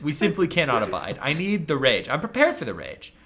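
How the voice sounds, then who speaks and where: A man hosting a podcast, chatting casually and jokily, now and then breaking into loud mock-panicked shouting. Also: fairly high pitch, wildly swooping pitch, a little fast, a crowd in the background. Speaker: podcast host.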